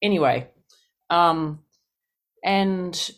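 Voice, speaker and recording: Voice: mid-range voice, extremely slow, a bit bright. A person in their fifties from New Zealand with a New Zealand accent, tired and yawning, telling a story in a frank, exasperated way. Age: 50s. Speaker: speaker sharing at a recovery meeting. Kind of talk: personal sharing, casual storytelling.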